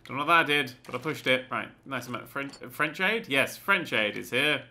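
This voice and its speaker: Bright, animated man gaming. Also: medium pitch, a little fast. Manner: joking, swearing, rambling asides. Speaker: gaming channel host. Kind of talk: let's play commentary.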